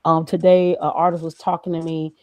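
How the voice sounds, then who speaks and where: A woman's voice: deep voice, level tone, brisk, a little mellow, no echo, poor audio. A woman speaking as a guest in a conversational interview, emphatic and preachy, firing off rhetorical questions. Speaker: graphic designer and guest.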